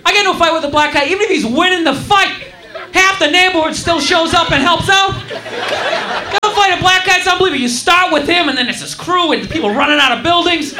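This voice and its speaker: A male stand-up comedian telling a profane, animated story on a club stage. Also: very high-pitched, quick pace, background noise. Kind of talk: stand-up routine. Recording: echoey club with crowd laughter. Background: audience laughing.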